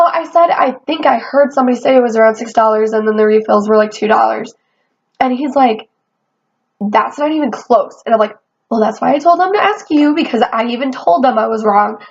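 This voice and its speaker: A young woman telling a casual storytime rant, animated and swearing, quoting herself as she goes. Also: on the high side, moderate pace. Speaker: vlogger. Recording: dull lo-fi sound.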